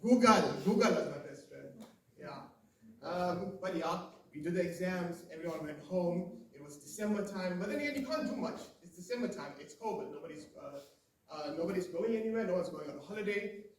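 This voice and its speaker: A South African man in his twenties does his first stand-up set in a live comedy room, chatty and loose as he talks to the crowd. His voice sits high, with lively intonation and a fairly quick pace; the room is echoey, the mic a bit far, with a little hiss or hum.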